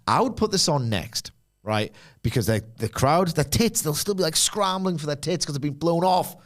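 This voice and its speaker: A man co-hosting a wrestling podcast, rambling and jokey with quick asides. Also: a little high, expressive. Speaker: podcast co-host. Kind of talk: casual chat.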